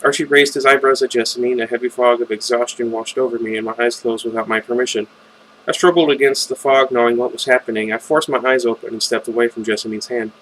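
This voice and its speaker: A man's voice: medium pitch, steady tone, fast talker, fairly bright tone, rough recording. Man reading a fan novel with chatty asides. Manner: stumbles and makes chatty side comments. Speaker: reader.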